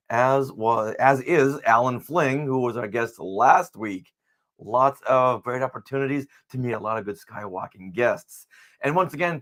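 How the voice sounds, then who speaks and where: A man hosts a casual live podcast in a mid-pitched voice. He teases his co-host playfully and keeps things light and jokey. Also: a bit bright. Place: home recording setup in Long Beach, California. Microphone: podcast microphone.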